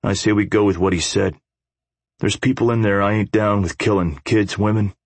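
A man's voice: lowish voice, fairly even intonation, normal speed, no room sound. A man voicing a blunt, profane biker leader. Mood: resolute. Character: blunt tough biker man, takes the lead.

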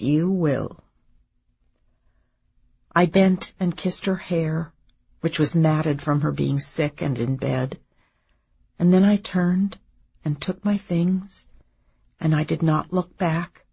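A woman narrating a memoir in a measured, subdued reading. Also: deep voice, vocal fry, breathy edge, dull audio.

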